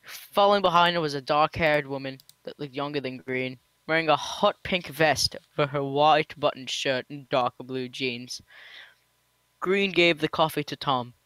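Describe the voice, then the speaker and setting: Bright, dry-voiced man reading aloud. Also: on the high side, normal speed, smooth, no room sound. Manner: profane, playful narration with self-corrections. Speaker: host reading a fan story aloud. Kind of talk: casual read-aloud with asides.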